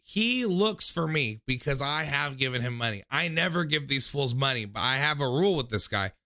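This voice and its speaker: Young male call-in host, rambling self-deprecating talker, fry-laden voice. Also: mid-range voice, lively intonation, normal speed, pushed and bright. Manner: rambling, self-mocking storyteller. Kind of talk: casual livestream call-in chat.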